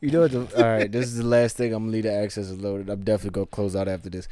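Man, podcast co-host, casual slangy chat, smooth clear voice, dry close mic. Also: on the low side, steady tone, rapid-fire, dark tone, dry recording. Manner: laid-back, slangy storyteller.

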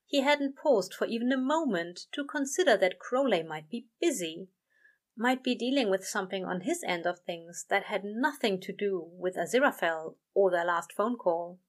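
A woman reads a story aloud in a gentle, even storytelling voice. Her narration sits at an ordinary pitch for a woman and moves at a steady pace. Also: normal speed. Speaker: reader. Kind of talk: reading fan fiction aloud.

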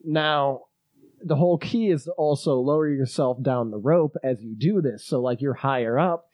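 A man's voice: mid-range voice, normal speed, dry recording. A man casually telling a long travel story, swearing often and acting out what people said. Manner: animated, swears a lot, acts out quotes.

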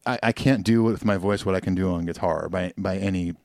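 Lower-voiced man telling studio stories. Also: fairly even intonation, fairly quick, a little mellow, no echo. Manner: reflective storytelling, hesitant. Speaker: guest musician. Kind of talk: casual podcast conversation.

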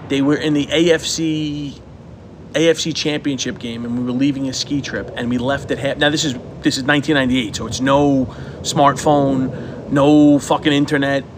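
A man's voice: medium pitch, steady tone, moderate pace, background noise. A man in his forties co-hosting a podcast, telling rambling stories in casual chat, swearing often and acting out what people said. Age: 40s. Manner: rambling storyteller, swears a lot, acts out quotes loudly. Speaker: podcast co-host.

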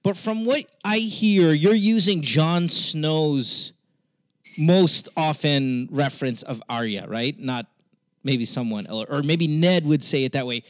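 High-voiced Americanized-accent man, podcast host. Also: slow pace, dry recording. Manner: profane, animated and argumentative with frequent stammered restarts. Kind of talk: casual podcast chat.

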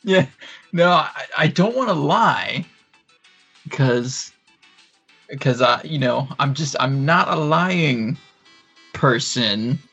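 A man's voice: medium pitch, animated, slow pace, gravelly, pauses often, a bit bright, husky, faint music behind. A man playing a tabletop game, talking hesitantly with many fillers and laughs. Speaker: player. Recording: dull lo-fi recording.

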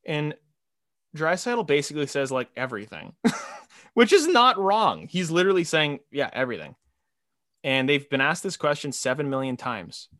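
Animated young man talking sports. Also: a little high, normal speed, dry recording, studio quality. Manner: animated, laughing, mimics quotes. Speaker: podcast co-host. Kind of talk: casual sports chat.

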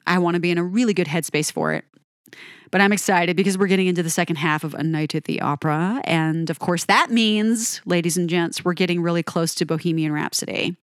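A woman's voice: on the low side, no echo, studio quality. An emotional woman speaking earnestly to her viewers, encouraging them to take care of themselves. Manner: earnest and emotional, speeding up and slowing down. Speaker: music video creator. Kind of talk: heartfelt direct-to-camera talk.

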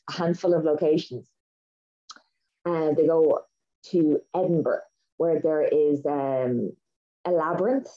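A woman's voice: low voice, warm tone. A woman co-hosting a podcast, telling a story in an enthusiastic, rambling way with lots of fillers. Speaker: podcast co-host. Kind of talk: casual chat. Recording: dull lo-fi sound.

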